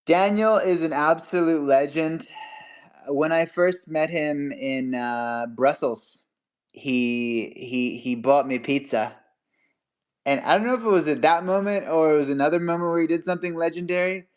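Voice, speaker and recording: A man's voice: fairly high pitch, moderate pace, clear, resonant tone. A young man hosting a casual livestream, chatty and laughing often as he rambles through stories. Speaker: livestream host.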